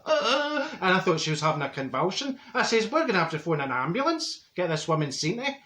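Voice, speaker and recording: A man's voice: sits high, very animated, fairly quick, pushed and bright, heavily acted. A man doing a gossipy Glaswegian woman. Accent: Glaswegian Scottish. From Glasgow, Scotland. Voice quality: chatty, repeats and stumbles over words, gushing. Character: brash chatty Glasgow woman, straight-talking gossip. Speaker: comedy character. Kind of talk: comic monologue. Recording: roomy echo.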